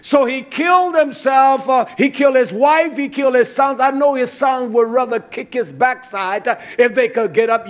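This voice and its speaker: High pitched guy preaching, emphatic, says stuff twice. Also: lively intonation, measured pace, hardly any pauses, a bit bright. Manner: emphatic, repeats key words. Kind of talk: sermon.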